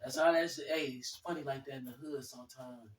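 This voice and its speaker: A man chatting casually, animated and profane, acting out other people's lines as he tells stories. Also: medium pitch, a little fast. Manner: animated, quotes others in put-on voices, swears freely. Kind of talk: casual storytelling chat. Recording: echoey room from a distance.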